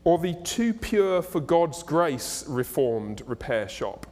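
A male pastor preaching a sermon in a conversational, animated and humorous way, in a church. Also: fairly high pitch, slow, slight background noise. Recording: echoey hall.

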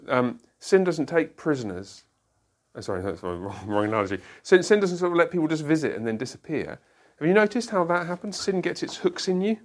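Lively man leading a Bible class. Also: fairly high pitch. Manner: animated, questioning the group, quick asides. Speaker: Bible study leader. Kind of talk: interactive Bible class teaching.

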